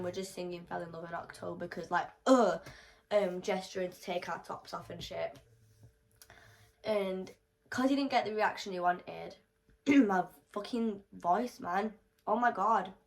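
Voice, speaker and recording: A young British woman telling a storytime vlog in a blunt, animated way, swearing a lot and clearing her throat now and then. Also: mid-range voice. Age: young adult. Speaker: storytime vlogger. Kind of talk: casual storytelling.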